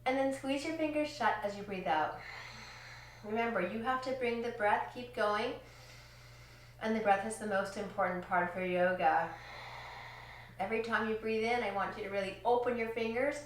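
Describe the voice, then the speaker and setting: A woman teaching a children's yoga class, giving gentle, encouraging cues in time with slow breaths. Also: fairly high pitch, slight background noise. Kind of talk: guided kids yoga lesson. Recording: echoey room, distant from mic.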